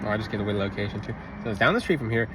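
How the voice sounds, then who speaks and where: A man telling a personal story in a casual, rambling monologue, interrupting himself and bursting into loud re-enacted shouts. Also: fairly low pitch, expressive, very fast. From Florida. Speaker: religious vlogger. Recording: slightly distant mic, faint outdoor traffic noise.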